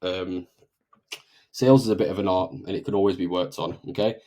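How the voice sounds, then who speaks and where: Energetic man coaching sales. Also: deep voice, a little fast. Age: 20s. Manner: energetic, emphatic, often tags "okay?". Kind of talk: motivational talk to camera.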